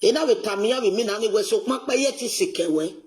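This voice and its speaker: A man with a fairly high voice speaks in a clip played back for reaction. He talks at an even, conversational pace in a Nigerian language. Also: fast talker.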